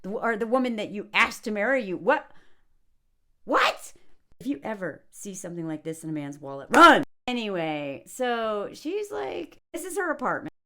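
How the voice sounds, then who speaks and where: A woman's voice: medium pitch, very animated, a little fast, hardly any pauses, a bit bright. A woman reviewing a movie in casual spoken commentary, sarcastic and mocking, chatty with lots of likes and ums.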